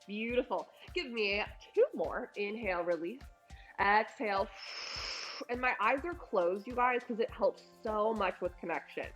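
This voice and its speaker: Over faint background music, a young woman guides a postpartum core workout as a personal trainer, doing the moves while she talks. She speaks unhurriedly at a medium pitch, her tone a bit bright. She's encouraging and cues breaths, her voice a little strained from working out.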